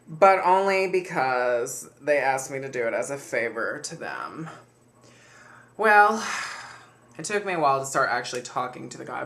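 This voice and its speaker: A man's voice: on the high side, creaky, sharp tone. A man chatting casually and candidly to camera as a vlogger, jokey and easily sidetracked. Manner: chatty, candid, jokey, drifts off mid-sentence.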